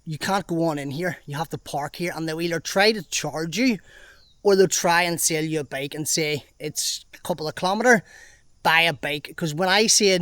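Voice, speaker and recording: A man with a slightly high voice walks outdoors through an abandoned park and chats to the camera as he goes. He swears casually, wonders aloud and breaks into exclamations. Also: normal speed, sharp tone. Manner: chatty, swears freely, thinks aloud with exclamations. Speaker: travel vlogger. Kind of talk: casual walking vlog commentary.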